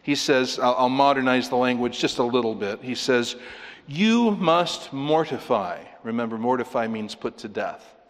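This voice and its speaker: A man preaching a sermon in an earnest manner, slowing down to read scripture and rising to emphatic stresses. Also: mid-range voice, flat delivery, long reverb tail.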